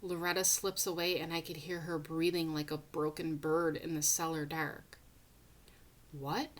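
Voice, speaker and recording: A woman reading a first-person novel aloud, with dramatic delivery that drops into hushed whispers at tense moments. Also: low voice, little pitch movement, moderate pace. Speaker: audiobook reader.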